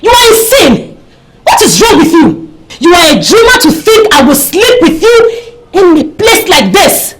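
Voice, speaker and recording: A fiery, high-voiced young woman. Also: very animated, moderate pace, a loud crowd, rough recording. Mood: furious. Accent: Nigerian. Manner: scornful, shouting. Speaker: young woman confronting a suitor.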